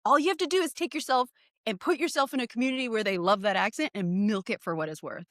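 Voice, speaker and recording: A woman in her forties co-hosting an interview, playful and animated as she tells stories. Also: on the high side, fast, no room sound, clean studio sound. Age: 40s. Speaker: podcast co-host. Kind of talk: casual interview chat.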